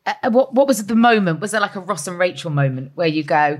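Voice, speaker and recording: A woman's voice: fairly low pitch, lively intonation, fairly quick, few pauses. A woman hosting an interview in a conversational way, with playful asides. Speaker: interview host.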